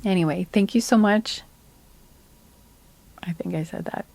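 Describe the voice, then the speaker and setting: A tired woman giving a relaxed tarot card reading, soft-spoken and rambling, trailing off with fillers. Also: lowish voice, unhurried, creaky, no echo. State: tired and sleepy.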